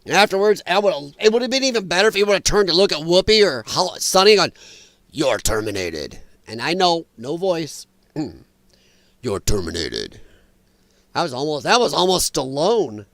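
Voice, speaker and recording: A man with a notably high voice hosts a casual livestream, talking straight to his chat. He is animated and laughs often between riffs. The sound is close and dry, with no room around it. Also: no room sound. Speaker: livestream host.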